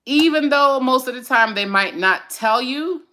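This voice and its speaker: Bright-voiced chatty woman host. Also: sits high, unhurried. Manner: chatty and encouraging, with fillers and side remarks to viewers. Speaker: host of a mental health segment. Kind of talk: casual live-stream chat.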